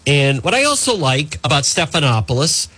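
A man hosting a talk radio show, talking in a rambling, animated way and addressing the listeners as folks. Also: a little high, normal speed, husky.

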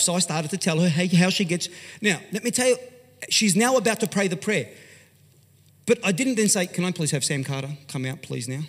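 A man's voice: high voice, a little fast. Australian man preaching in a big hall. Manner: animated, conversational, swings from loud to hushed. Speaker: pastor. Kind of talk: storytelling sermon. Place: large church hall. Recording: long hall reverb.

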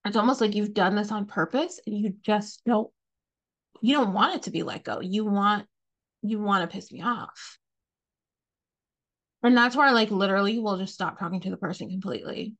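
A woman's voice: mid-range voice, moderate pace. A young adult woman hosting a podcast, ranting casually and profanely, laughing often. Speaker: podcast host.

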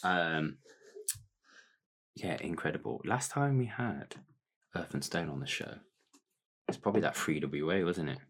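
A man's voice: extremely low pitch, lively intonation, a little slow, long pauses, fairly bright tone, breathy edge. A man co-hosting a podcast, chatting casually and rambling with lots of fillers. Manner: laid-back, rambling with many fillers. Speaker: podcast co-host. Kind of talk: casual chat.

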